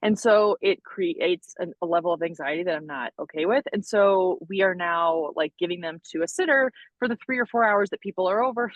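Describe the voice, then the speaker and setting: A woman's voice: mid-range voice, fairly quick, hardly any pauses, no echo, muffled recording. A young adult woman co-hosting a podcast, telling stories animatedly with frequent laughs and self-deprecating asides. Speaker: podcast co-host. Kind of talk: casual chat.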